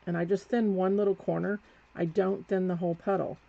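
A woman's voice: lowish voice, steady tone, brisk, creaky, warm tone. A woman giving a live painting demonstration, chatting as she works and correcting herself as she goes. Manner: chatty, talks while working, self-correcting. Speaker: painting instructor. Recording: dull lo-fi sound with faint background noise.

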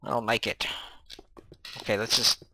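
A man giving excitable live commentary over his own gameplay, chatting to himself and yelping when startled. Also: fairly low pitch, moderate pace, a little hiss or hum. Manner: chatty running self-talk. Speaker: video game let's-player.

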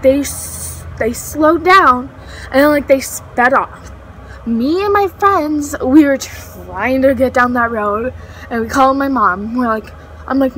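A woman's voice: high voice, unhurried, fairly bright tone, slight background noise, low-quality recording. A teenage girl telling a story in a casual vlog, rambling with lots of fillers and self-corrections. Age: teens. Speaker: vlogger.

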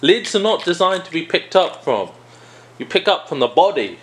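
Animated joking man reviewing perfume. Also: fairly high pitch, moderate pace. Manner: joking, rambling, self-interrupting. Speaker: video host reviewing a perfume. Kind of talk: casual product review vlog.

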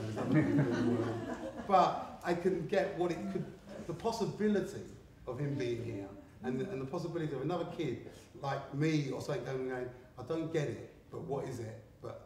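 Speaking a little fast with few pauses, this Englishman rambles through gallery stories, laughing and cursing as he goes. His voice is medium-pitched and slightly mellow. Recorded indoors at an art gallery with a distant mic, heavy echo and a faint hum of background noise.

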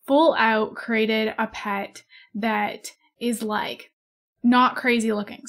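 A young woman in her twenties chatting casually over gameplay, rambling, giggling and gushing over cute animals. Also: fairly high pitch. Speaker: gaming YouTuber. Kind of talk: casual let's-play chat.

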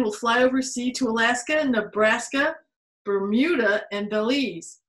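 A children's museum storytime reader and art teacher reads a picture book aloud to kids and leads a drawing exercise, animated and quick to exclaim and laugh along with the pictures. Her voice is on the high side. A phone or tablet camera captures it in an echoey room.

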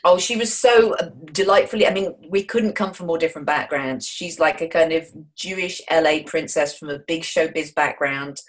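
A middle-aged English woman with a Midlands accent, talking enthusiastically and jokily as a guest in an interview. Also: low-pitched. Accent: Wolverhampton, English Midlands. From England. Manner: enthusiastic, jokey, quick to put on voices in anecdotes. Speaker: author and screenwriter guest. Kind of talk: animated interview talk.

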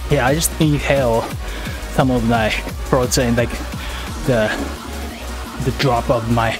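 A man chatting casually on a livestream, halting and repeating words as he teases his chat playfully. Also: mid-range voice, steady tone, music in the background. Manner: playful teasing.

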